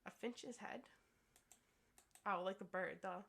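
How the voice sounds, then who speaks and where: A woman's voice: mid-range voice, steady tone, slow, creaky, long pauses, pushed and bright. A woman streamer reading a visual novel aloud and reacting with giggles and exclamations.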